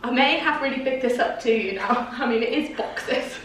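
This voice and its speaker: Bubbly woman gushing. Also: moderate pace. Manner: bubbly and gushing, voice jumping high when excited. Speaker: vlogger. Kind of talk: casual chat.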